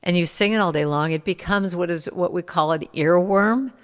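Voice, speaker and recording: A middle-aged woman in a casual conversation, telling stories and acting out what people said in lively bursts. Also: fairly low pitch, moderate pace, clean tone, in a large hall. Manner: animated storyteller, acts out quotes. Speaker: musician guest.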